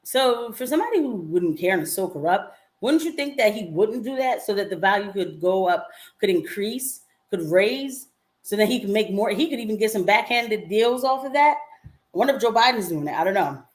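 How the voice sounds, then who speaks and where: Animated woman reading chat on a livestream. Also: medium pitch, fairly quick. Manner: animated, swings into mocking quoted voices, laughs often. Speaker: nurse and political vlogger.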